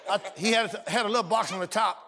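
A man preaching a sermon, shouting and drawing call-and-response from his congregation. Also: high-pitched, fast, creaky, very noisy. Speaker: pastor. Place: church service. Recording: live church audio with crowd responses.

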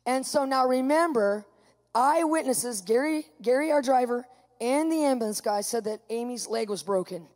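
A woman preaching, telling her own story to a congregation with lively, acted-out quotes. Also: a little high, normal speed, in a large hall. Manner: animated storytelling, acting out quotes. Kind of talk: testimony sermon to a live audience.

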